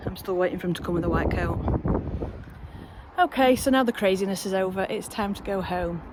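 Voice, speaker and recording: A woman's voice: medium pitch, brisk. A woman chatting casually in a gardening vlog from her allotment, rambling and cheering herself on. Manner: chatty, rambling, self-encouraging. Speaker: allotment vlogger. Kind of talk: casual outdoor vlog chat. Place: windy allotment outdoors. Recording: outdoor wind and traffic noise.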